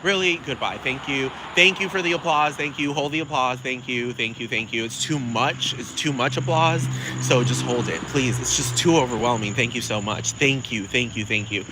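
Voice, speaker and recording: A man delivering a sassy, profane comedic rant, rambling fast with plenty of attitude. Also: medium pitch, noisy background.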